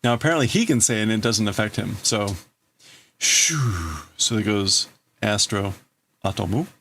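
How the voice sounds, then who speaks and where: A man's voice: lowish voice, expressive, normal speed, a bit bright, a little hiss or hum. A man hosting a livestream, casually translating a manga aloud and thinking through each wording as he goes. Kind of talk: casual live translation commentary.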